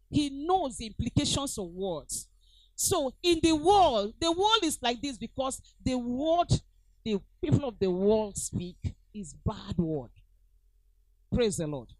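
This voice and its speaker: A middle-aged Nigerian woman preaching with a high voice that leaps up and down in pitch. She presses her points by repeating them and calls out to her congregation. The sound is close and dry. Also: no room sound, low-quality recording. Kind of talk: sermon.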